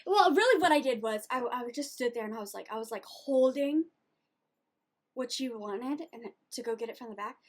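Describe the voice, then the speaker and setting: A woman's voice: fairly high pitch, lively intonation, normal speed. A woman of eighteen, ranting animatedly and indignantly in a casual video journal. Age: late teens.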